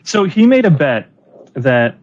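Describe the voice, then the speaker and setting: A man's voice: fairly high pitch, big pitch swings, unhurried, a little mellow, dull audio. A man co-hosting a casual chat, eagerly retelling scenes with lots of stammered restarts. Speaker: podcast co-host.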